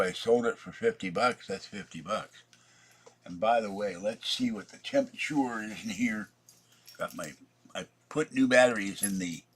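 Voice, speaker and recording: A man's voice: mid-range voice, breathy edge. A man rambling through a casual vlog, chatty and meandering, talking to himself as he works at his computer. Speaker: vlogger.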